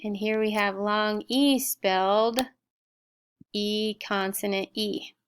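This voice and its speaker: Middle-aged woman teacher, smooth and deliberate, sounds out each word for a recorded class lesson. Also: medium pitch, fairly even intonation. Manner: slow, clear word-by-word sounding out. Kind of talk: recorded spelling and vocabulary lesson.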